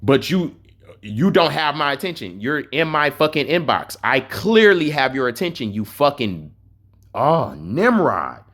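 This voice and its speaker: A man's voice: mid-range voice, big pitch swings, a little slow, a bit bright. A man streaming a game, ranting with mockery and profanity and repeating his points for emphasis. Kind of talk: heated rant over game messages.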